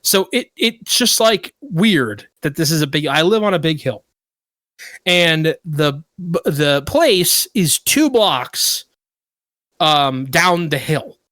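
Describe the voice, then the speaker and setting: A podcast co-host tells a story in casual chat, his voice a little high and slow, with no echo. He's an animated storyteller who gets worked up and indignant.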